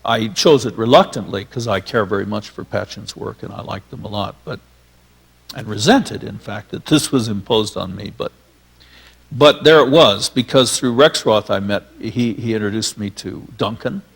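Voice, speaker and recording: A man's voice: on the low side, moderate pace, gravelly, husky. A man, a filmmaker guest, reminiscing onstage in a rambling, filler-laden storytelling way.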